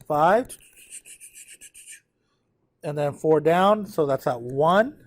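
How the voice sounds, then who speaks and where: The man's voice is a little high and animated, but he speaks extremely slowly. Tired, he leads a live math lecture at a whiteboard, explaining a graph and regularly checking in with students.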